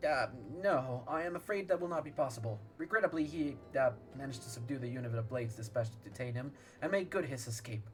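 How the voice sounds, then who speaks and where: A man's voice: mid-range voice, fairly quick, hardly any pauses, soft background music, lightly acted. A man voicing a stiff, formal guard officer, reading game dialogue aloud. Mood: apologetic. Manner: formal and apologetic.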